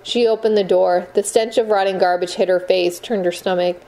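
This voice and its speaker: A woman narrates a novel aloud with measured, expressive pacing. Her voice is warm and mellow, sitting at a middling pitch. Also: low-quality recording. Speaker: audiobook narrator. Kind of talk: scripted narration.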